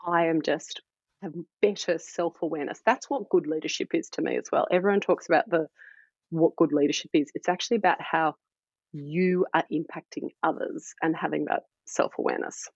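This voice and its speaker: A former midwife who became a startup founder appears as a guest on a casual podcast, telling energetic, self-deprecating stories. Her voice is low-pitched with a breathy edge and a slightly fast pace. The audio is dull, lo-fi and dry, with no room sound.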